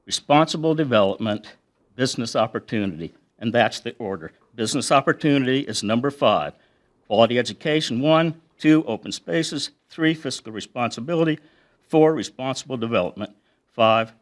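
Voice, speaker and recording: Middle-aged guy at a council meeting podium, earnest, lists his points one by one, medium pitch. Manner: earnest, lists points and reads quotes aloud. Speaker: resident giving public comment. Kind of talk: prepared public comment at a council meeting.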